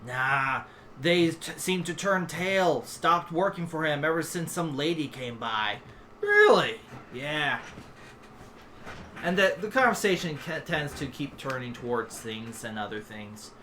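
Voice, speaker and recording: A man's voice: fairly high pitch, sing-song, unhurried. A man narrating a tabletop game as game master, loose and chatty. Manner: loose, chatty, with sudden loud character outbursts. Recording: faint background noise.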